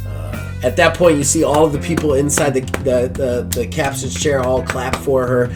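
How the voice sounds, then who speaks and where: A man narrates a sci-fi tabletop game as game master, loose and chatty with frequent fillers. His pitch sits at an ordinary middle, with faint music behind him. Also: flat delivery, moderate pace, few pauses.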